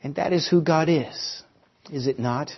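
A man's voice: a little high, unhurried, husky. A man preaching a sermon, storytelling with varied emphasis. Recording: slightly dull recording.

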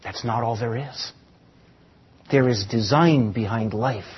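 Husky-voiced preacher, questioning his flock. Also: mid-range voice, takes it slowly. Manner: asks the congregation rhetorical questions; repeats key phrases for emphasis. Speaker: pastor. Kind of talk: sermon. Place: church before a congregation. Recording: dull lo-fi sound.

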